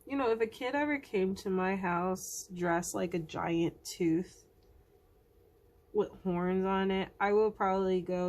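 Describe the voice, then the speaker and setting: A woman's voice: medium pitch, a little slow, a little mellow. A woman host narrating her drawing in a casual, jokey art vlog, dropping into whispered asides now and then. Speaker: artist and channel host.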